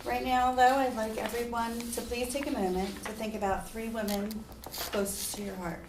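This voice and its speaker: A woman's voice: fairly high pitch, flat delivery, normal speed, noisy background. A woman giving an earnest persuasive speech, at times emotional. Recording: echoey room, mic far off.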